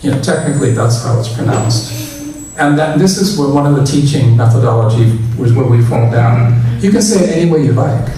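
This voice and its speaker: A man giving a casual dharma talk as a temple minister, leading the congregation in loud chanting. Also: mid-range voice, expressive, a little fast, slight background noise. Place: large temple hall. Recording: echoey hall, mic at a distance.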